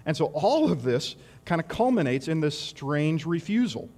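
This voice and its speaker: A man preaching in a relaxed, conversational way, his fairly high voice carrying a long reverb through a large hall. He asks rhetorical questions and drops in wry asides. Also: moderate pace. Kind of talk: sermon.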